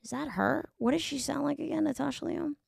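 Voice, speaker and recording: A woman's voice: high voice, fairly quick, vocal fry, no room sound, clean studio sound. A woman, rambling casually and profanely as a solo podcast host. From New York. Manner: rambling, profane, self-deprecating.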